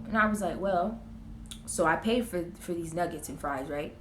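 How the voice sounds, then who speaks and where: With a lowish voice and moderate pace, a young woman vlogger chats casually in a get-ready-with-me video, with background noise in an echoey room. She tells the story animatedly, voicing family members' lines in quotes.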